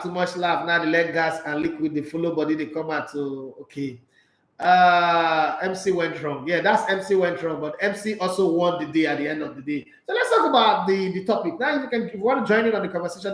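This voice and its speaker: A man with a Nigerian accent hosting a sports talk show, chatting casually and reading viewer comments in a playful, animated way. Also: a little high, roomy sound, poor audio. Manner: playful, animated, slipping into Pidgin.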